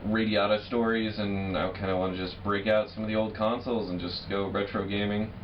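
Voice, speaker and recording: A man's voice: on the low side, level tone, brisk, muffled recording, a little hiss or hum. Rambling young man, distant mic. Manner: rambling, hesitant with fillers. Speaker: podcast co-host. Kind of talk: casual chat.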